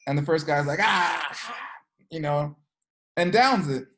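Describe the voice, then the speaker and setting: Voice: lively intonation, moderate pace. An energy work teacher giving a casual class, chatty and peppered with filler words, acting out characters in the stories. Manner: chatty, peppered with "like" and "you know"; acts out characters with sudden pitch jumps. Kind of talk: casual class talk with storytelling.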